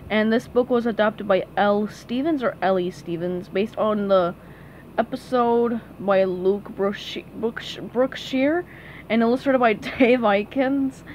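A woman's voice: medium pitch, takes it slowly, darkish tone. A woman casually reviewing a children's picture book, chatty and gushing, with small laughs and restarts. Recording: dull lo-fi audio with faint noise.

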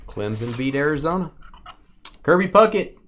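Animated man calling out card pulls. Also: on the high side, moderate pace, slight background noise. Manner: bantering, calls out cards with bursts of excitement. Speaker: card break host. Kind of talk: live card-break chat.

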